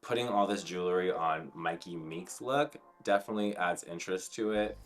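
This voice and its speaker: Sassy deep-voiced man critiquing drag looks. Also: normal speed, over music. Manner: sassy, blunt and profane critique; chatty, full of "like" fillers. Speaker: drag queen commentator reviewing runway looks. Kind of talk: casual runway commentary.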